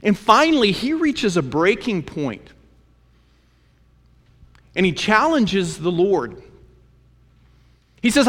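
Male preacher, fairly high voice, emphatic storyteller, long hall reverb. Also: very animated, measured pace, long pauses, a bit bright. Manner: emphatic, repetitive, conversational storytelling. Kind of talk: Bible teaching sermon.

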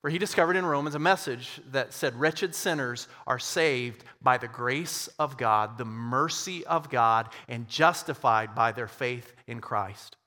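A man telling a church history story as part of a sermon, with slow, dramatic pauses. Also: medium pitch, sharp tone, big-room sound.

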